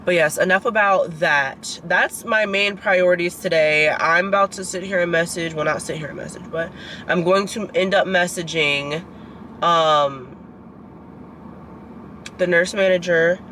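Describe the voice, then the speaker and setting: This clip features a frustrated 22-year-old student vlogger ranting to camera, filling her sentences with "like" and "girl." She speaks at a measured pace in a lowish, slightly bright voice, over poor audio with slight background noise.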